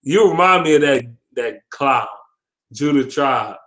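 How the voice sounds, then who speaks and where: Speaking a little slowly at a medium pitch, a male sports vlogger goes through his football predictions and reads comments aloud. It's casual trash-talk commentary, loaded with profanity and delivered with animated laughter.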